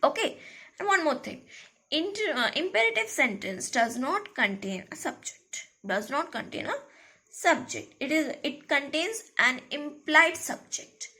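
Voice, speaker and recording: A woman teaches a school grammar lesson in a high, bright voice. She says each key phrase twice, slowly, and keeps checking with the class. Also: big pitch swings.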